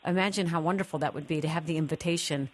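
A woman's voice: low voice, rapid-fire. A woman hosting a radio talk show, encouraging her guests. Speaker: host.

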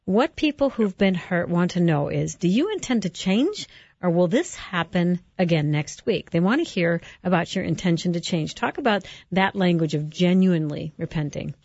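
Affirming woman host, lowish voice. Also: animated, moderate pace, gravelly, darkish tone, no echo, highs cut off. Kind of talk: radio-style interview hosting.

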